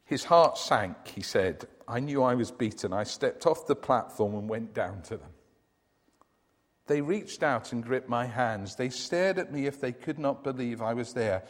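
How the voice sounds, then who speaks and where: A man's voice: medium pitch, expressive, measured pace, long reverb tail. A man preaching a sermon, telling a dramatic story and reading testimony aloud.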